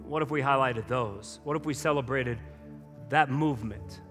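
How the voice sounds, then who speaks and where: A pastor preaching a sermon in a conversational way, with joking asides to the congregation. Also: male voice, medium pitch, normal speed, fairly bright tone, soft background music. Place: church auditorium. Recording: long reverb from a large church hall.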